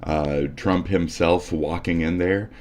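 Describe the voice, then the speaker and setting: This is a man with a very low voice, hosting a live stream and reacting to the news. He rants in a casual way, sarcastic and combative, and swears often. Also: steady tone, slow pace, a little mellow. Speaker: livestream host. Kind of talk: profane ranting commentary.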